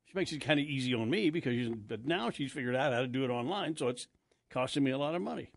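Talking fast with lively intonation and vocal fry, an older man with a mid-range voice banters casually on his morning radio show. He tells rambling stories, keeps restarting and laughs easily, picked up by a studio microphone.

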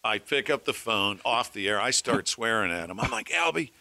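A man, a former weatherman and radio host, telling lively anecdotes to colleagues and acting out the voices of the people in them. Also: lowish voice, moderate pace. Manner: animated storyteller acting out voices. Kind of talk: anecdotal storytelling among colleagues.

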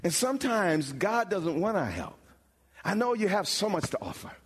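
A pastor preaching a sermon, building from explanation to bold, emphatic calls with dramatic pauses. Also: male voice, sits high, expressive, fairly bright tone, husky. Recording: long hall reverb.

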